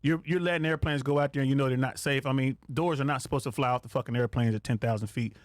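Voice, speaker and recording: A man's voice: medium pitch, fast, dry recording, studio quality. A man, a podcast guest who works as an air traffic controller, telling stories casually with lots of swearing and acting out radio calls. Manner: profane, animated, acts out radio calls.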